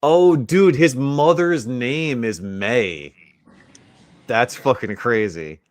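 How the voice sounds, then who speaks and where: A man's voice: mid-range voice, takes it slowly, no echo, studio quality. A man hosting a casual livestream chat, laid-back and teasing with crude banter. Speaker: host.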